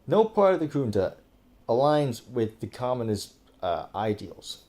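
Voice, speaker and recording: This is a political commentator from Thailand, heard indoors over a screen recording. His medium-pitched voice has a sing-song lilt and a warm tone, and he keeps a measured pace. His commentary is casual, profane and exasperated, full of fillers and restarts.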